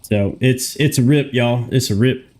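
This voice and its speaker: A young man chats casually on a live stream from a room in his home. He speaks at an unhurried, drawn-out pace at an everyday pitch, muttering to himself and swearing freely. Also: darkish tone.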